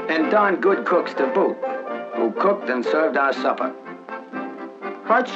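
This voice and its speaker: A man tells the story as one of the flyers in a 1940s documentary, wry and folksy, with a fairly high voice and bouncy intonation. The sound is a dull, lo-fi old film track with music underneath. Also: expressive, slow pace. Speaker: narrator speaking as a flyer. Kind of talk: 1940s wartime documentary narration.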